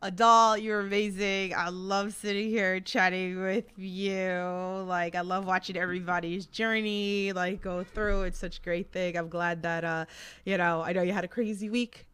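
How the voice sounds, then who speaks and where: A woman's voice: lowish voice, flat delivery, moderate pace, a bit bright, clean tone. A woman from Queens with a New York accent, hosting a casual interview chat and laughing often. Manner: chatty, laughs often, gushing. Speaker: podcast host.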